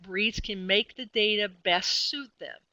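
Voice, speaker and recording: A woman lectures in a webinar, her voice bright and forward. She explains in a conversational way, pausing on fillers and correcting herself as she goes. The sound is dry and close, with no room around it. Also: mid-range voice, dry recording, low-quality recording. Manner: conversational teaching with frequent fillers and self-corrections. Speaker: extension specialist presenting a webinar.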